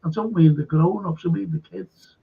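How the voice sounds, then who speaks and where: A raspy, gravelly man with a Scouse accent chats his way through local history, rambling from one anecdote to the next. His voice sits a little high, and the recording sounds dull and lo-fi. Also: moderate pace. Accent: Liverpool (Scouse). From Liverpool, England. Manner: rambling anecdotal storyteller with frequent fillers. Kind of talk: casual storytelling chat.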